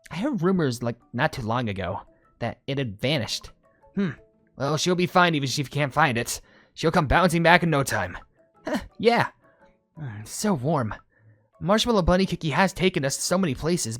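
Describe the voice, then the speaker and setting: A woman's voice: low-pitched, sing-song, normal speed, dry recording, faint music behind. A woman voicing bubbly young female cookie characters in a game cutscene, with a perky, bouncy delivery. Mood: gentle.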